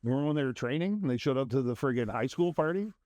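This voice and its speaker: A man's voice: medium pitch, expressive, very fast, darkish tone, no echo. A man co-hosting a casual drinking podcast, teasing his friend and laughing often. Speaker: podcast co-host.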